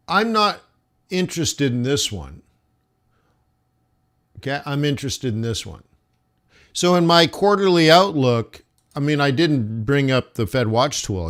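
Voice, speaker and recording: A fairly high voice, a bit bright, with lively intonation. He gives slow, pondering commentary on his live forex trading stream, studying the charts and addressing viewers as "guys."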